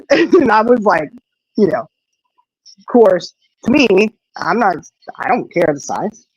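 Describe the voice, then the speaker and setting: On her live stream, a middle-aged woman with a slow, husky, mid-range voice tells a story with lots of feeling, acting out the voices of people she quotes and often saying "you know." The audio is dull, lo-fi, close and dry, without room echo.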